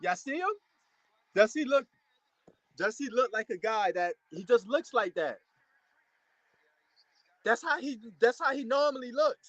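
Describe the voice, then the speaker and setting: A man giving a casual, excitable reaction commentary to a boxing match, repeating himself and using slang. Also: extremely high pitch, moderate pace, highs cut off. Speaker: fight reaction host.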